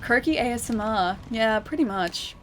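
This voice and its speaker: A woman streamer chats casually while playing a game, reading viewer messages aloud and laughing often. Her voice sits on the high side with lively intonation, a normal speed, and a fairly bright tone, with a little hiss or hum in the recording.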